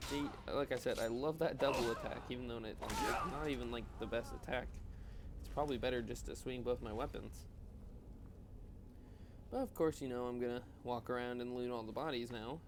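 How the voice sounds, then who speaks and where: The voice is mid-range, steady and brisk, set against a noisy background. A yawning, tired gaming host narrates his gameplay casually, rambling, chatting and ribbing himself for his choices.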